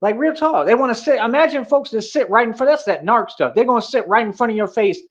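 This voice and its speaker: A man's voice: very high-pitched, animated, quick pace, dull audio. A young man ranting on a livestream, boastful and confrontational, heavy with street slang. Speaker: livestream host.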